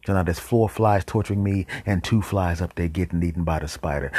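A man hosting a podcast, telling a comic story in a deadpan way and dropping into whispered asides. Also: deep voice, a little fast, slightly rough, dry recording. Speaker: podcast host.

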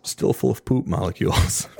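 A man telling a funny story in a casual chat, animated and profane, laughing often as he goes. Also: dry recording, clean studio sound. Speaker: storyteller guest.

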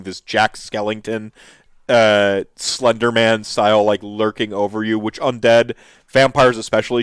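Male host, casual commentary; smooth, resonant, dry; eager and rambling. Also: fairly low pitch, no room sound. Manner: enthusiastic, rambling with restarts and fillers. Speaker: host reacting to miniature reveals.

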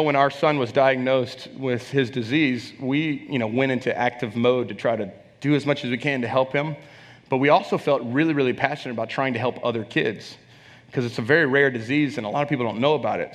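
A man's voice: mid-range voice, fairly quick, a bit bright. Man preaching in a reverberant hall. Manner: emphatic, repeats phrases for effect; conversational, asks the audience questions. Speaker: preacher sharing a testimony. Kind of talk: sermon with personal storytelling.

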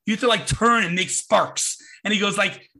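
A man's voice: high-pitched, moderate pace, pushed and bright. A man hosting a podcast over a video call, talking in a casual, emphatic way and slipping into mocking voices when he quotes people. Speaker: podcast host. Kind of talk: casual conversational interview.

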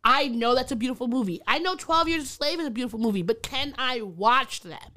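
A woman's voice: fairly high pitch, expressive, brisk, bright, forceful tone. A young woman co-hosting a casual podcast, chatty and laughing often. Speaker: podcast co-host. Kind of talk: casual chat.

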